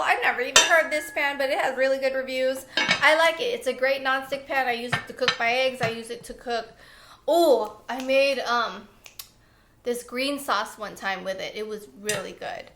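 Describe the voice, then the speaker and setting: A young woman chatting excitedly about her favorite products, laughing often. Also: high voice, normal speed, noisy background. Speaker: lifestyle vlogger. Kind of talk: casual favorites chat. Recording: echoey room.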